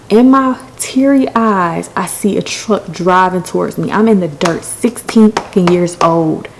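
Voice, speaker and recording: A woman's voice: on the low side, slight background noise, low-quality recording. A woman hosting a podcast, telling a personal story in a candid, emotional way with some swearing. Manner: candid, profane, emotional retelling. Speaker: podcast host.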